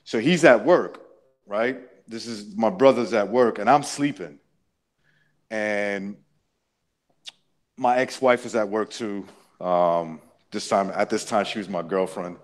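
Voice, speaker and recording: A man's voice: fairly low pitch, slow pace, pauses often. A man casually recounting a personal story, rambling with many restarts and frequent swearing. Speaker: interviewee.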